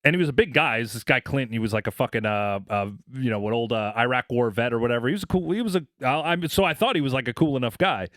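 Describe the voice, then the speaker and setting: A man's voice: mid-range voice, quick pace, hardly any pauses, a bit bright, no echo, studio quality. A man co-hosting a podcast, telling long stories in a casual, profane, filler-heavy way. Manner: rambling, profane, many fillers like "like" and "you know". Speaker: podcast co-host. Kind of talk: casual storytelling chat.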